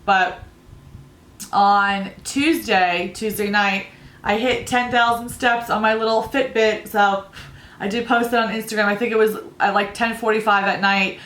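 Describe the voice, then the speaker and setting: A woman's voice: mid-range voice, steady tone, measured pace, fairly bright tone, roomy sound. A woman in her thirties chatting through a makeup tutorial, rambling and telling family stories as she goes. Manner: rambling, storytelling, laughs at own stories. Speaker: beauty vlogger.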